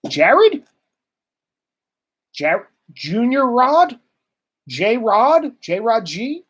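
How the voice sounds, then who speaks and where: A man's voice: extremely high pitch, extremely slow, husky. A man hosting a livestream, delivering a heated, profane political rant with sarcasm and reading viewer comments. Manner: heated, swearing, sarcastic, animated.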